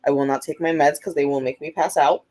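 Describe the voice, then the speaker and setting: Chatting quickly on a casual livestream from home, this woman reads viewer comments aloud as they come in. She has a slightly low voice for a woman and fills her talk with frequent "like" and "um."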